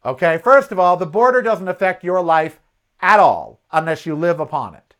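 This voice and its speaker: Animated gay man telling a story. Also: high voice, moderate pace. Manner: animated storytelling, acts out quoted exchanges; indignant, ranting about politics. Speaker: podcast host. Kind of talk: casual opinion monologue.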